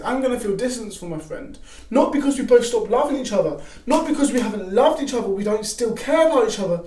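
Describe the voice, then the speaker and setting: A young man giving casual faith advice to camera, animated, acting out excited quotes. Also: high-pitched. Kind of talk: casual devotional talk to camera. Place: garage. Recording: echoey garage from a distance.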